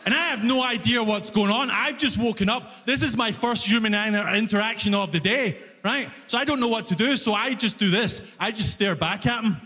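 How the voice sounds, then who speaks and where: A man performing a stand-up comedy set, telling stories with animated delivery and shouted punchlines on a comedy club stage. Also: high-pitched, a little fast, hardly any pauses. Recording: reverberant live room, faint ambience.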